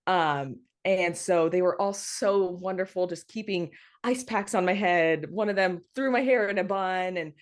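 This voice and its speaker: A woman's voice: fairly low pitch, measured pace. Chatty young woman telling a story, laughing. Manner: animated storytelling, laughs often, many fillers. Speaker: podcast guest. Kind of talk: casual birth story interview.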